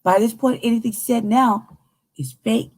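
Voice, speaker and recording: An American woman hosting a news commentary show, talking in a heated, emphatic, profane way with a husky voice. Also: a little high, fairly even intonation, measured pace, a little mellow, no room sound. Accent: American English. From United States.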